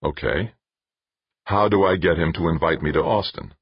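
A man voicing a skeptical, weary male company boss who sounds gruff and doubtful. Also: low-pitched, normal speed, no room sound. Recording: dull lo-fi dry recording.

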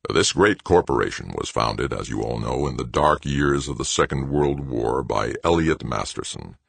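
A man voicing a pompous older male board chairman with a rumbling, droning bullfrog voice. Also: expressive, moderate pace, vocal fry, breathy edge, no echo, full character voice.

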